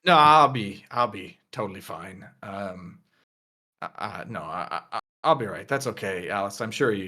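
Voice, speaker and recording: A man's voice: low-pitched, bright, forceful tone. A man voicing an embarrassed young male student who stammers hesitantly.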